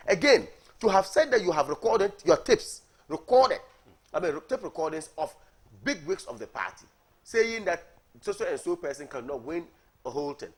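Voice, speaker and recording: Animated, husky man arguing his case. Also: fairly high pitch. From Ghana. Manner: emphatic, repeats words, asks "are you getting me". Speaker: party coordinator, studio guest. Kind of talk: heated political debate on morning TV. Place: TV studio.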